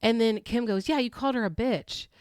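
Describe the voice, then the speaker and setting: A woman's voice: a little high, a little fast, no room sound, studio quality. A young woman hosting a casual recap, telling the story with frequent laughter and acting out the quotes. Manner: animated, laughs often, acts out quotes. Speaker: podcast host recapping a reality show.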